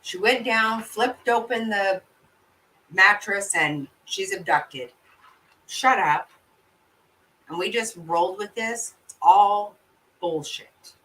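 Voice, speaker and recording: In a mid-range voice that comes across bright and sharp, a woman hosting a livestream chats loosely about her viewers' comments. She doesn't mince words, swears often, and laughs easily, while sitting a little away from the mic so she sounds somewhat distant.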